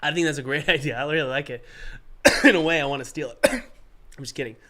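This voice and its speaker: A man with a cold who coughs now and then, hosting a casual livestream and giving game development advice in an energetic, rambling, jokey way. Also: on the high side, brisk.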